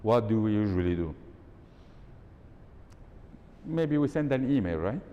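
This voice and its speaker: A very animated workshop speaker talks a little slowly, heard through dull audio with long hall reverb and a faint rumble. He's giving a live talk in an event hall, quizzing the audience and demonstrating tones of voice.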